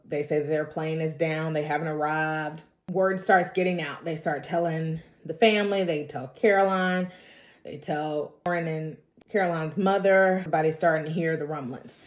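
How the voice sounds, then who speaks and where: A woman's voice: low-pitched, fairly even intonation, normal speed. Chatty woman recapping TV, echoey room. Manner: emotional, chatty storytelling with dramatic asides. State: stuffy from crying. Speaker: TV recap reviewer. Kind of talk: casual recap vlog.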